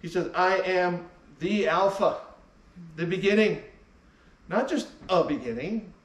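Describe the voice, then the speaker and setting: A man's voice: sits high, a little slow, echoey room, far from the mic, rough recording. A man preaching a sermon as pastor, emphatic and repeating key phrases for weight. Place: church sanctuary.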